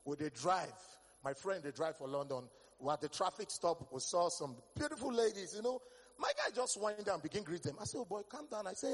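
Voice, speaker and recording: Animated Nigerian man in a reverberant hall. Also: high-pitched, fairly quick, husky. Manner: animated storytelling with Pidgin English, bursts of shouting. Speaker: stand-up comedian. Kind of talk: stand-up comedy set.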